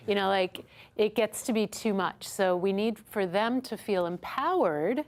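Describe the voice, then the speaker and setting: Speaking at a measured pace in a mid-range voice, a woman teaches a workshop to a small audience in a studio classroom. She role-plays customer conversations as she goes and keeps checking in with "right?".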